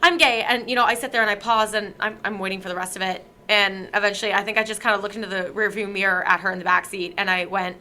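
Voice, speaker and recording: A young woman co-hosting a podcast, retelling a friend's story with animated, acted-out dialogue. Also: medium pitch, quick pace, hardly any pauses, slight background noise. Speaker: podcast co-host. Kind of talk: casual storytelling chat.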